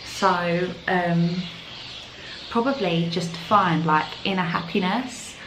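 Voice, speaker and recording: A woman's voice: fairly low pitch, slow pace, echoey room, background noise. A young woman with a London accent chatting casually to camera as a vlogger, filling her talk with "like". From London, England. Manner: chatty, full of "like" fillers. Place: outdoors in the evening.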